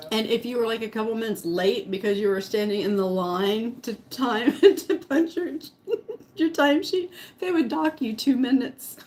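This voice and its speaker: A woman's voice: fairly high pitch, moderate pace, darkish tone. A middle-aged woman vlogger telling a story to her live chat, laughing often and eating as she talks. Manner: giggly, laughs often while talking; eating while talking.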